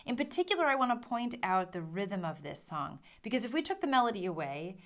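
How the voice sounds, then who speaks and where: A woman's voice: medium pitch, big pitch swings, a little fast, fairly bright tone. A woman teaching a ukulele lesson, explaining patiently, counting in and singing along. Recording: ukulele playing under the voice.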